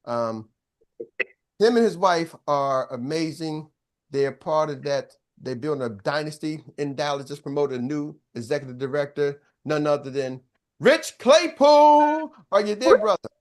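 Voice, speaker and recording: A man's voice: on the high side, moderate pace. An older man, a business coach, telling a story to an audience in a casual, slangy way and acting out both sides of each conversation.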